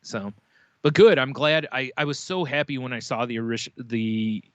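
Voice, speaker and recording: A man's voice: medium pitch, moderate pace, a bit bright, no echo. A man co-hosting a podcast, chatting casually with loose profane banter. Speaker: podcast co-host. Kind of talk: casual chat.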